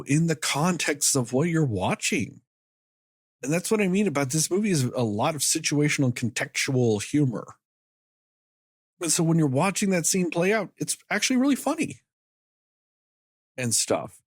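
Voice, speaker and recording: A man with a slightly high voice co-hosts a relaxed film review podcast in a dry, studio-quality recording. He rambles and curses freely through scenes, often breaking into quick asides where he performs characters' lines.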